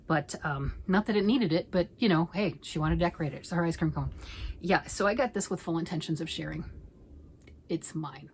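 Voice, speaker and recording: A middle-aged woman chats casually from home, rambling from one thought to the next. Her voice sits a little low, and she often drops into a hushed near-whisper. A faint hum of noise sits behind her. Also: a little fast, low-quality recording. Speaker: knitting vlogger. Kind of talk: casual chat.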